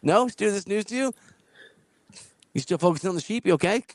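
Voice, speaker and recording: A man hosting a casual podcast who tells stories in a lively way, laughs often and acts out the people he quotes. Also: sits high, brisk, no echo. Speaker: podcast host. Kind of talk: casual storytelling chat.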